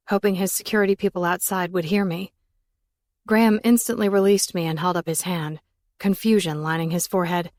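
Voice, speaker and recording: A woman's voice: fairly low pitch, steady tone, brisk, no room sound, clean studio sound. A woman narrating an audiobook in the first person, with an intense, emotional delivery.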